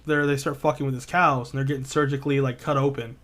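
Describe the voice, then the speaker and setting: Rambling, monotone male podcast co-host. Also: medium pitch, fast. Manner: rambling retelling, heavy swearing, filler words. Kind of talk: casual chat.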